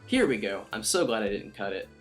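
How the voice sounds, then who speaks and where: A young man giving casual, profane, rambling commentary on a visual novel playthrough, tossing in quick character voices. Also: fairly low pitch, very animated, soft background music. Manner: rambling, profane, self-mocking, mimics characters in quick asides. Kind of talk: casual let's-play commentary.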